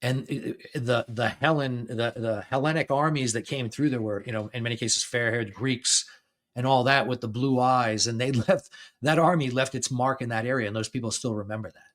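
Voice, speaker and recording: A man's voice: medium pitch, moderate pace, fairly bright tone. A man in his fifties hosting a podcast, talking casually, laughing often and restarting his sentences as he tells stories. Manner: chatty storytelling, laughs often between phrases; restarts and repeats words. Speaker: podcast host. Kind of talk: casual conversation.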